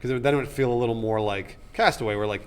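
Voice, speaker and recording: A man co-hosting a casual movie podcast, blunt and quick to agree. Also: medium pitch, clean tone. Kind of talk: casual film chat.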